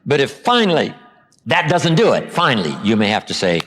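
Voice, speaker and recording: Animated male motivational speaker. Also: a little hiss or hum. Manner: animated storytelling, acts out quoted lines; slows down and drops low for emphasis. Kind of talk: seminar lecture.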